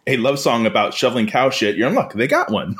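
A man's voice: mid-range voice, very animated, fast talker, fairly bright tone. A man co-hosting a comedy podcast, reading listener mail aloud and wandering off into rambling, giggly tangents. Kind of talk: casual comedic chat.

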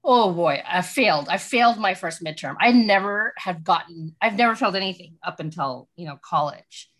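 A woman talking casually as a podcast guest, animated and rambling with lots of "like"s. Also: on the low side, normal speed. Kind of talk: casual chat.

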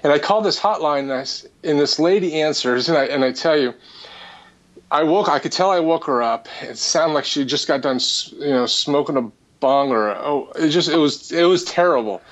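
Man, spiritual healer, halting earnest testimony, slightly raised pitch, dull lo-fi sound. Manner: earnest, halting, with many restarts. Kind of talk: personal testimony.

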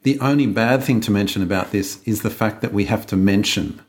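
A man co-hosting a podcast, chatting casually with a relaxed, talkative manner and frequent ums and restarts. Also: lowish voice, fairly quick. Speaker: podcast co-host.

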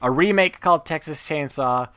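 A male podcast host chats in a rambling, enthusiastic flow, full of asides and fillers. His voice is bright and forward. It sounds dry and close to the mic. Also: on the high side, normal speed, clear, resonant tone, no room sound. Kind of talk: casual chat.

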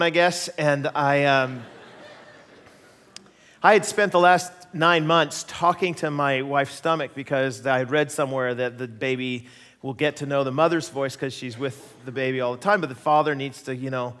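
A middle-aged man preaching, telling personal stories in an animated way, laughing and acting out the voices he quotes. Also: medium pitch, normal speed. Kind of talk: sermon storytelling. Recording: long hall reverb.

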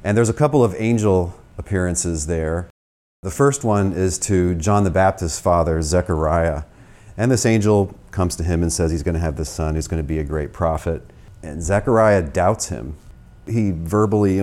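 An American man giving a conversational theology lecture, reasoning through arguments with quick asides. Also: sits low, a little mellow. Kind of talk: spoken lecture.

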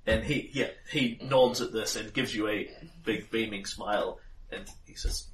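A man's voice: fairly low pitch, measured pace, fairly bright tone. A man running a tabletop game as game master, narrating loosely with frequent fillers. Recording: roomy sound, mic at a distance.

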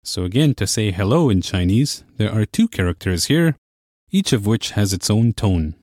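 A young man hosting a language course, explaining in a clear, measured teacher's manner. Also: fairly low pitch, big pitch swings, a little mellow, dry recording, clean studio sound. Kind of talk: scripted lesson narration.

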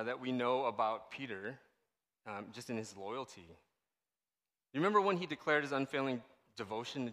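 A man's voice: mid-range voice, in a large hall. A man giving a casual, conversational sermon as a pastor, often checking in with the audience. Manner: animated, conversational, asks the audience "right?" often.

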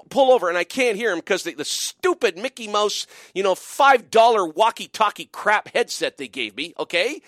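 Radio host guy rambling thru a story, high bright voice, pitch all over the place, dry close mic. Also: no echo. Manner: rambling, frequent "okay?" and "you know" asides. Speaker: radio call-in show host. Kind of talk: animated storytelling monologue.

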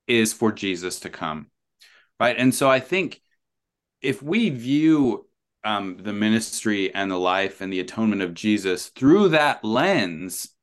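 A man as a podcast guest, explaining his ideas thoughtfully with many pauses, ums and restarts. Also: lowish voice, a bit bright. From New Zealand. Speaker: author and guest. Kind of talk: conversational podcast interview.

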